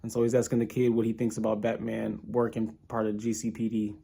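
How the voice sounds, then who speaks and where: A man's voice: lowish voice, completely flat delivery, fairly quick, gravelly, dark tone, slightly rough. A young man casually recapping an audio drama episode, rambling and thinking aloud with many restarts. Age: young adult. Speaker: podcast reviewer.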